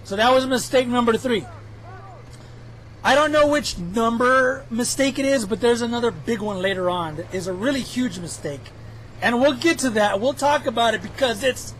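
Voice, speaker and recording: A man's voice: very high-pitched, animated, normal speed, a bit bright, slight background noise, poor audio. A man giving chatty, self-mocking commentary over his own gameplay footage, joking as he goes. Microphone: headphones with mic.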